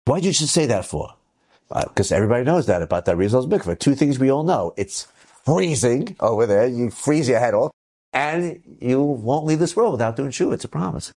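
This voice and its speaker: A man spins a story for a room full of listeners, his voice sitting at an ordinary middle pitch. He talks in a loose, conversational way and jumps into the voices of the people in the tale. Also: brisk. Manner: lively, conversational, acts out the people he quotes. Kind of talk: live storytelling to an audience.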